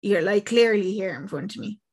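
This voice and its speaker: Woman, young adult, casual chat, chatty storyteller, mid-pitched voice. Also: fairly quick, husky. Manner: chatty, acts out quoted lines, swears casually. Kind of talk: casual chat retelling a film plot.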